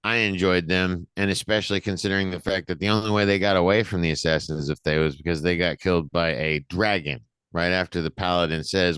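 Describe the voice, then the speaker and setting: A man co-hosting a casual film podcast, talking excitedly with lots of swearing and laughter. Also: low-pitched, fairly quick, few pauses, clear, resonant tone, dry recording. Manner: excited, profane, laughs often. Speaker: podcast co-host. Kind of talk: casual chat.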